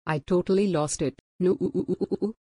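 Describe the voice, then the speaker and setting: Brief: man playing a monotone computer woman narrator, stiff mechanical delivery, pitched up. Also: no echo. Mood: robotic monotone. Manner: flat, mechanical reading with stiff pauses. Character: monotone robotic woman audiobook narrator, accented.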